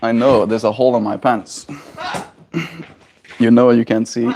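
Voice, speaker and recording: A young man streaming live, chatting casually with his viewers and reading their messages with easy chuckles. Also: slight background noise. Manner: slow, relaxed, reads chat aloud and chuckles; high, sing-song baby talk to his pet bird.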